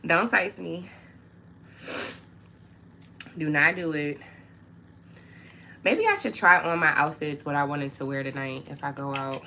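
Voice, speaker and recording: Livestream host, female, low-pitched, chatty and exasperated, addressing the audience; noisy home recording with clicks. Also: animated, normal speed, pushed and bright. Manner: chatty and frustrated, addressing viewers directly. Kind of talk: casual live chat with viewers.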